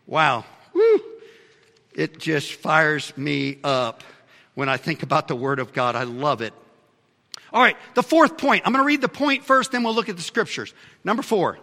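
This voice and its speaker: A man preaching a sermon as pastor, swinging between fiery shouts and low asides. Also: animated, normal speed, long reverb tail.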